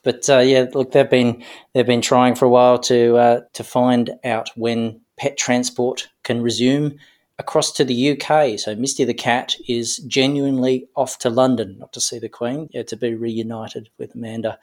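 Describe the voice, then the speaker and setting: A man's voice: medium pitch, flat delivery, moderate pace, a little mellow. A middle-aged man from Australia chatting casually as a podcast co-host, with many fillers and restarts. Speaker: guest co-host.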